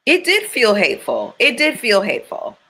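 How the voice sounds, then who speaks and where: A woman's voice: fairly high pitch, huge pitch swings, moderate pace, sharp tone. A woman hosting a casual chat with her viewers, blunt and opinionated, swearing freely as she reacts to a reality show.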